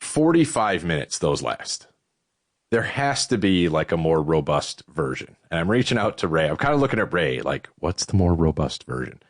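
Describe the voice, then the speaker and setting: A middle-aged man from Western New York hosting a podcast, telling stories in a casual, profane way while out of breath. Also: moderate pace. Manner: profane, animated storytelling with swooping pitch. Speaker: podcast host. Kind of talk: casual chat.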